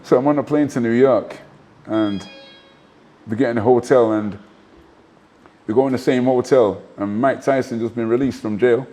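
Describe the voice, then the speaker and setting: A man, a former boxer telling animated anecdotes in a casual interview, full of asides and restarts. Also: medium pitch, normal speed. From Manchester, England. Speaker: guest, former professional boxer.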